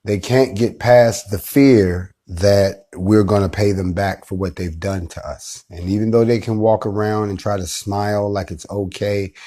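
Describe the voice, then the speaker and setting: A man hosting a live online show, giving a defiant, preacher-like monologue that swings from slow, low passages to loud, forceful ones. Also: steady tone. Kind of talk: impassioned live-stream monologue.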